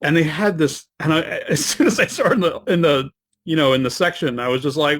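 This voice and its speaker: Podcast guest: chatty excitable man, slightly high pitch, rambling and laughing. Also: a little fast. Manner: excitable, laughs often, many "like" fillers. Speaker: guest filmmaker. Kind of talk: casual podcast chat.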